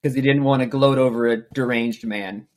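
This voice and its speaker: A man's voice: medium pitch, fairly even intonation, normal speed. A man hosting a casual book-discussion podcast, patiently explaining terms and backstory. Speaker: podcast host. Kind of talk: casual book-club chat.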